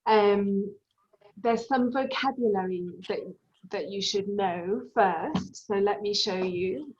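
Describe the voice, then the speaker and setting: A woman's voice: mid-range voice, slow, darkish tone, a little hiss or hum. A woman teaching an online English class, patiently explaining vocabulary with examples. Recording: dull lo-fi sound.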